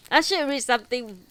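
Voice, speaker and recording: A young woman streams live, chatting, giggling and talking back to chat between book readings, still teary from crying. Her voice is extremely high-pitched and a bit bright.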